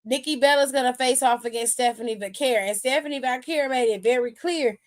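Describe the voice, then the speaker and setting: A woman's voice: high voice, a little fast. A woman hosting a wrestling aftershow stream, talking in a sassy, profane, casual way and laughing often.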